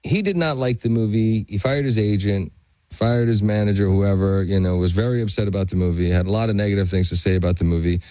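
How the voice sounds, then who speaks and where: Low-voiced man telling lively anecdotes. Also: fast talker, dry recording. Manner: animated storyteller, laughs through his anecdotes. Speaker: actor guest.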